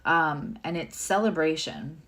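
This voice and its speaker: A woman's voice: deep voice, unhurried, fairly bright tone. A woman giving a casual live tarot and astrology reading, chatty and rambling with many fillers and asides.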